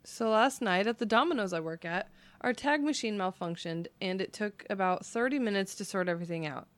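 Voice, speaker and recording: Animated woman with a dry, close sound. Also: mid-range voice, normal speed, no room sound. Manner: animated, bursts into laughter. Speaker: podcast co-host telling stories. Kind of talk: casual storytelling chat.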